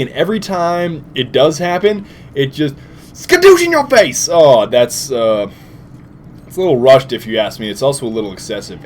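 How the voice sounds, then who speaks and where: A tired young man giving casual, jokey gameplay commentary with sudden loud outbursts. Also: medium pitch, slight background noise. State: tired, short on sleep. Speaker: gaming commentator.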